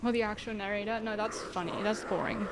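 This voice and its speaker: A woman's voice: medium pitch, fairly even intonation, fast talker, noisy background. A woman streaming a game and chatting casually, joking and laughing often as she tires from playing on a dance pad. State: tired from exertion. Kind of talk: casual live-stream chat while gaming.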